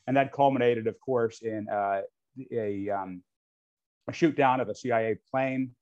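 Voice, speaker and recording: On dull lo-fi audio, an American guest speaker addresses US-Indonesia relations in an off-the-cuff, frank talk full of ums and restarts. He is from the United States, and his mid-range voice is a little mellow, moving at a measured pace.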